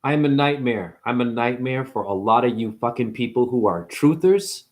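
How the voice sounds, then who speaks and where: A man ranting to camera in an improvised, preachy monologue, swearing freely, firing off rhetorical questions and slowing down hard to hammer points home. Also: mid-range voice, animated, a little mellow. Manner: profane, emphatic, rhetorical questions; slows down hard for emphasis. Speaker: spiritual vlogger and store owner.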